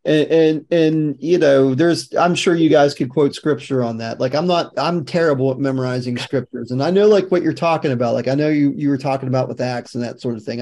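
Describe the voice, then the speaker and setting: A man's voice: mid-range voice, gravelly, warm tone. A man in a casual faith discussion, speaking earnestly and rambling with repeated fillers. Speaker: guest.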